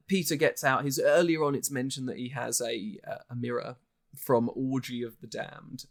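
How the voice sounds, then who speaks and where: A podcast co-host with a gravelly, mid-range voice rambles through a casual discussion of a film, filling his speech with fillers and frequent restarts.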